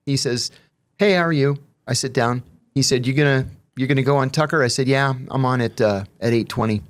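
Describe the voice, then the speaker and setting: A man who is a former intelligence officer, telling anecdotes as a guest in a measured, explanatory way. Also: mid-range voice. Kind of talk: conversational anecdotes.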